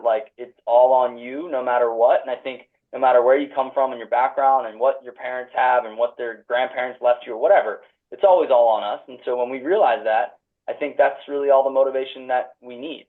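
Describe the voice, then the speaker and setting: Mężczyzna po trzydziestce z Filadelfii, rozwlekle odpowiada jako gość, z wieloma urwanymi zdaniami, przez blaszany, telefoniczny dźwięk rozmowy wideo. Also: male voice, mid-range voice, fairly even intonation, brisk. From Philadelphia. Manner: rambling, full of restarts and hedges. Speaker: guest. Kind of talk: reflective conversational answers. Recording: tinny phone-like video call audio.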